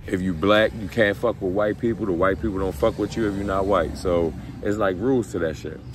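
Low-voiced man telling stories. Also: a little fast, slight background noise. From Baltimore. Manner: profane, slangy and animated. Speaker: vlogger. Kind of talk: casual storytelling.

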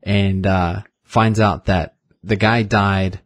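A man with a fairly low, slightly husky voice hosting a relaxed movie podcast. He talks casually and retells scenes by quoting the characters' lines. The sound is dry and close to the mic. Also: takes it slowly, no room sound. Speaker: podcast host.

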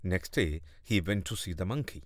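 A man narrating a children's fable in a slow, deliberate reading style. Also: low voice, animated, no room sound, studio quality. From India. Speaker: storyteller. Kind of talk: scripted storybook narration.

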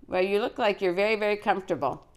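A woman's voice: medium pitch, quick pace. A woman in her sixties hosting a live cooking show, chatty and encouraging, reading out greetings from viewers. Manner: frequent fillers and restarts. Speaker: host of a children's cooking show.

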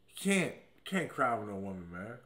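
A man in his forties telling comic stories in a slangy, profane monologue, swinging between loud emphatic bursts and low muttered asides. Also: big pitch swings, brisk, slight background noise. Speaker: comedian. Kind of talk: comedic storytelling monologue.

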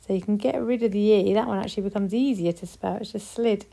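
A woman with a British accent teaching a recorded spelling lesson to young children, speaking slowly and clearly with encouragement. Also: mid-range voice, warm tone. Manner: slow, clear, encouraging, models example sentences. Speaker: primary school teacher.

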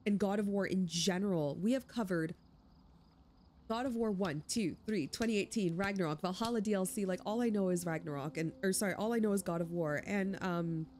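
A woman's voice: medium pitch, brisk, darkish tone, a little hiss or hum. Emotional, chatty young woman gamer. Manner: emotional and enthusiastic, chatty with fillers. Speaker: let's play host. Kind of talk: gaming commentary and wrap-up.

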